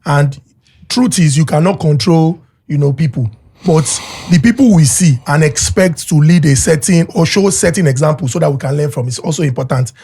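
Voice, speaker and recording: A young man, hosting a podcast and making his point in a measured way with examples. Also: fairly high pitch, animated, mellow, slightly rough. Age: young adult. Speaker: podcast host. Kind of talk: casual podcast chat.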